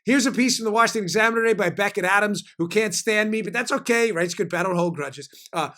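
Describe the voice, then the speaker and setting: A man hosting a political commentary podcast, talking in an animated, emphatic way with frequent fillers. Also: sits high, fast. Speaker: podcast host.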